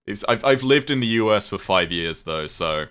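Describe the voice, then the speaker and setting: A man's voice: on the low side, animated, normal speed, a bit bright, clean tone. A British man chatting casually on a livestream while gaming, rambling, swearing offhand and thanking viewers. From United Kingdom.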